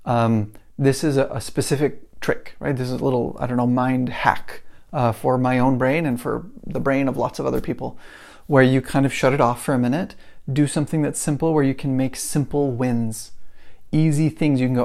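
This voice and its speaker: Gravelly guy doing a solo podcast at his desk, rambly, restarts his sentences a lot. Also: medium pitch, steady tone, normal speed, darkish tone. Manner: rambling, restarts often, talks himself through examples. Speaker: podcast host. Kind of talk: casual solo podcast talk.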